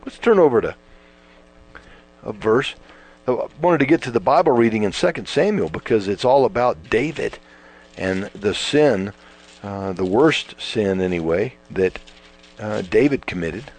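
A man preaching a sermon, emphatic, drawing out words for stress and swinging between loud and quiet. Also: on the low side, lively intonation, a little slow. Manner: emphatic, rising and falling with stretched words. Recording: mains hum behind.

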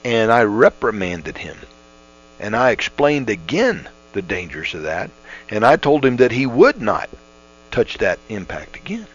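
A middle-aged man teaching scripture over the radio in a folksy, earnest way, his pitch rising and falling freely as he restarts his sentences. The sound is dull and lo-fi, with a faint mains hum underneath. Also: sing-song, unhurried. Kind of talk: conversational radio Bible teaching.

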